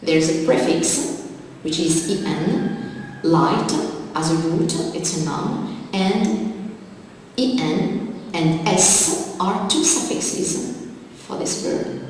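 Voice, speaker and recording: A woman teaching an English exam-prep lesson, going through word lists slowly and methodically. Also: on the low side, darkish tone, a little hiss or hum. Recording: echoey hall, distant mic.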